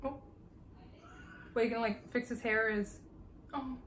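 A young woman hosting a casual reaction video, excitable and gushing, swearing freely and breaking into squeals. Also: a little high, moderate pace. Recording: echoey room with faint noise.

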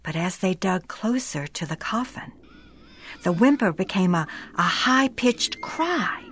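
A woman narrating a scripted ghost story in a dramatic manner, slowing down for suspense. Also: mid-range voice, expressive, fairly bright tone, a little hiss or hum.

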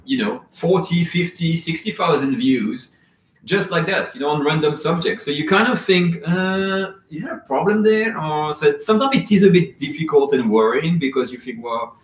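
A man's voice: a little high, lively intonation, normal speed. Guy chatting on a live stream, loose and rambly, reading out comments, roomy echo. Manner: casual, rambling, reads chat comments aloud. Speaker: cooking channel host.

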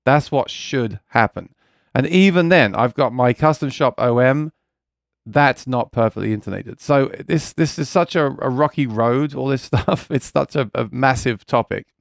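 A man's voice: medium pitch, moderate pace, gravelly, no echo, clean studio sound. A man hosting a casual live chat about music gear, rambling and reading viewer comments aloud, earnest and keen about guitars. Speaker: livestream host.

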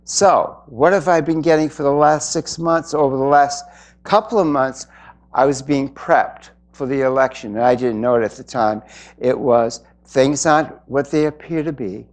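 A man giving an inspirational spiritual talk to an audience, earnest and reflective, with pauses. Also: medium pitch. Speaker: spiritual speaker.

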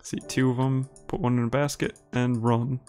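Faint music plays behind this Minnesota man as he streams, commenting on his gameplay and reading the chat out loud. He speaks at a moderate pace in a medium pitch, with a chatty Upper Midwest American ease. Laughing readily, he keeps things relaxed and calls viewers by name.

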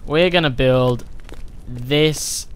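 A man giving loud, excitable, profane let's-play commentary while playing a survival horror game. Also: mid-range voice, very slow, smooth. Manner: excitable, profane, yelling reactions. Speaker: gaming channel host.

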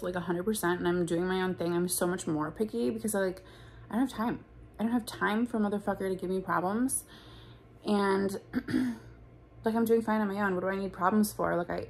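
A woman's voice: medium pitch, slight background noise. A young woman in a casual storytime vlog, talking bluntly and profanely with lots of "like". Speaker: vlogger.

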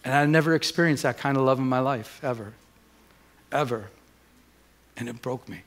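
A middle-aged man preaching a sermon as a pastor, telling a personal story with lively acted-out dialogue and many restarts. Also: mid-range voice, moderate pace, long pauses.

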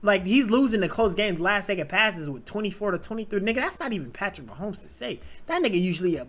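A man's voice: sits high, quick pace. A young man hosting a sports reaction video, ranting casually with profanity, stammering restarts and repeated phrases. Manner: animated, repetitive, stammering, profane. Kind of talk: casual rant.

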